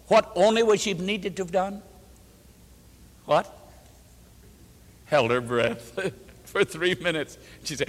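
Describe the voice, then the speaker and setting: A man's voice: a little high, a bit bright. Older man preaching in an echoing hall. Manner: emphatic, repeats phrases for rhythm, acts out quoted speech. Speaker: pastor. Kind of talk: sermon with storytelling. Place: church or meeting hall before an audience. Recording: hall with long reverb.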